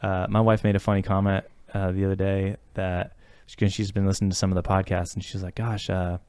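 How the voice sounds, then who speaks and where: A man's voice: low voice, level tone, fairly quick, darkish tone, clean tone, no echo, studio quality. A man co-hosting a podcast, talking in a reflective, earnest way with lots of fillers and restarts. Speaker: podcast co-host talking about therapy. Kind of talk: casual podcast conversation.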